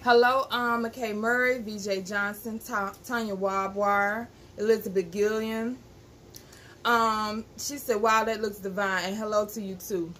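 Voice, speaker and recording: A woman's voice: medium pitch, steady tone, unhurried. A woman, co-hosting a casual live stream and greeting viewers by name. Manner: warm greetings, reads names aloud, easygoing. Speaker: co-host. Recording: faint background noise.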